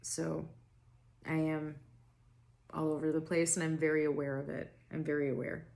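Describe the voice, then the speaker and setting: A young woman doing a casual spiritual reading to camera, rambling and self-interrupting, her throat raspy and tired. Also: low voice, little pitch movement, normal speed, a little mellow. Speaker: tarot reader.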